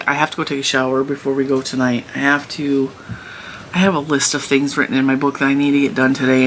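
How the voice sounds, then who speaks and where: A bright, forceful-voiced woman rambles through a casual home vlog. She chats and laughs easily. Faint background noise hangs behind her. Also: low voice. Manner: rambling, chatty, laughs often. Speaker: crochet channel host. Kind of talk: casual chat to camera. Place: home room.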